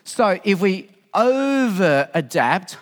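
A man's voice: sits high, slow, long reverb tail. A middle-aged Australian man giving a Christian teaching talk, telling stories and acting out what people said. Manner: lively storytelling, acts out quotes.

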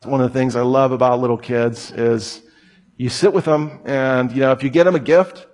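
A man's voice: medium pitch, steady tone, normal speed, darkish tone. A man in his thirties preaching a sermon in a casual, chatty way, with laughing asides. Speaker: pastor.

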